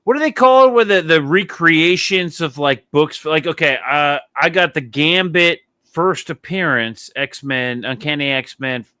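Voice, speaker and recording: A man's voice: on the high side, unhurried, few pauses, pushed and bright, clean tone, no room sound, clean studio sound. A man hosting a casual podcast chat, telling rambling stories full of swearing and laughter. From Texas. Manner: rambling, profane storytelling with frequent laughs. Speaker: podcast host.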